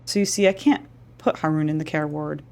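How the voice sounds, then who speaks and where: A woman's voice: low-pitched, fairly quick, creaky, a little mellow. Woman reading as a proud, stubborn older wife. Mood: defiant. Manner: stubborn, then weary and remorseful. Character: proud older woman caring for her ailing husband.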